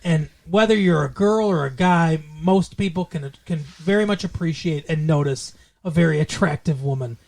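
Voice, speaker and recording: A woman's voice: deep voice, moderate pace, vocal fry, darkish tone, no room sound. A woman co-hosting a casual movie podcast, joking and teasing, with a Midwestern American accent. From Michigan. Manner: jokey, teasing, puts on silly accents. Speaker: podcast co-host. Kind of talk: casual movie-review chat.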